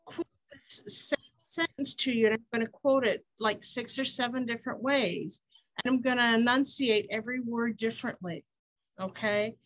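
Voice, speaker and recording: A woman running a conference workshop, her voice sitting a little high. She takes her time, stressing what matters and turning to the group with questions. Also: no room sound, low-quality recording. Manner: earnest, emphatic, asks the group questions. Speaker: workshop facilitator.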